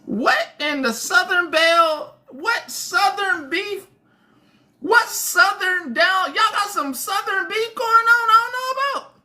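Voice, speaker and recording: A woman's voice: extremely high pitch, pushed and bright. A woman hosting a casual livestream, reacting with laughter and bewildered repeated questions. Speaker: livestream host.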